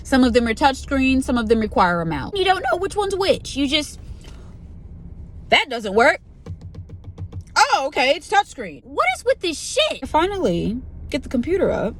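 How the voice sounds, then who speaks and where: A woman's voice: high-pitched, normal speed, slight background noise. A young woman venting profanely about her new pharmacy technician job, in a rant-style vlog. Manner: profane, exasperated, animated retelling with quoted voices. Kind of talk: ranting storytime vlog.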